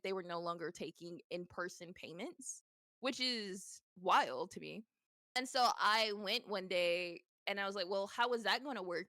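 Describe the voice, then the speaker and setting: Young woman, streamer, casual chat, bright voice, gravelly fry, animated and swearing. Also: mid-range voice, no echo, clean studio sound. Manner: animated storytelling, swears a lot, laughs often.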